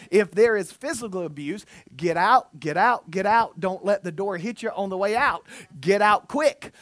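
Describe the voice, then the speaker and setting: A man, preaching a sermon as pastor, lively and self-mocking. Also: high voice, no echo. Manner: animated, self-mocking, with put-on quotes of listeners. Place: church.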